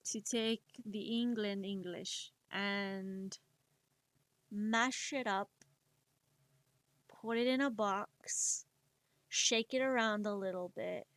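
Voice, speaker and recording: Flat, slow-talking woman streamer. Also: medium pitch, dry recording. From United States. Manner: sarcastic, rambling with many fillers. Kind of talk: casual chat while drawing on a livestream.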